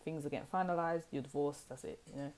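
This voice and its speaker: Young girl doing a tarot reading, low voice, sassy and chatty, lots of "like". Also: fairly even intonation, quick pace, a little mellow. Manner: chatty and sassy, heavy use of "like" and "you know". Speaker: tarot reader. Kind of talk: casual direct-to-camera tarot reading.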